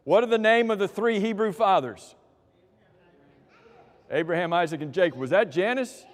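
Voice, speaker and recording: A man's voice: high voice, lively intonation, moderate pace, big-room sound. A man leading a church class through quiz questions, joking with the people who answer and calling on them by name. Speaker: Bible class teacher.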